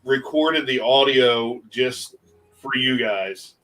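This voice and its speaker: A man, a guest on a casual talk show, chatting in an easygoing, slightly halting way. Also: medium pitch, a bit bright, poor audio. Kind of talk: casual chat.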